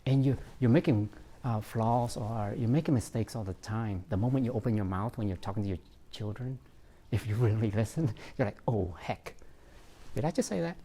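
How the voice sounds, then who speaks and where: A man's voice: on the low side, fairly quick, warm tone. A man, a therapist, giving an informal talk on parenting, reflective and self-mocking, with frequent fillers and laughs.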